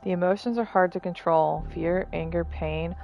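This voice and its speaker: A woman narrating as game master of a tabletop role-playing game, in measured, descriptive narration. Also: on the low side, steady tone, vocal fry, muffled recording.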